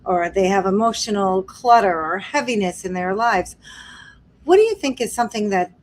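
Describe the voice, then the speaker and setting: A woman's voice: mid-range voice, animated, normal speed, a little hiss or hum. A woman hosting a podcast interview, asking earnest, searching questions. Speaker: podcast host.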